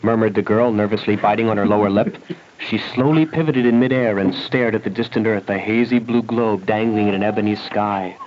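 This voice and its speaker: A man doing measured storybook narration of a mock pulp science-fiction tale on a comedy radio show. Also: on the low side, fairly even intonation. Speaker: comedy troupe member reading aloud. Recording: noisy lo-fi 1970 radio broadcast.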